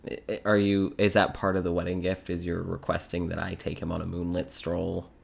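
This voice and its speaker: Fatherly man, wry and teasing, very low and gravelly, played by a woman, tabletop role-play. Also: little pitch movement, exaggerated voice. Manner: dry, teasing, unhurried.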